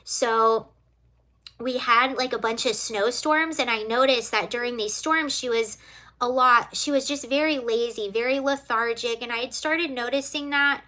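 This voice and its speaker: Woman, livestream host, casual chat, tearful, bright voice, slightly high. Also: normal speed. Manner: emotional, tearful, talking to viewers.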